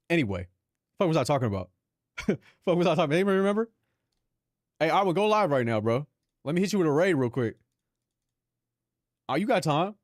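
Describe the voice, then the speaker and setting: A man's voice: fairly high pitch, sing-song, fast, long pauses, no echo, clean studio sound. A young Filipino man, a live streamer, chatting casually and profanely with his viewers, laughing often. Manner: loose, profane, laughing banter with chat.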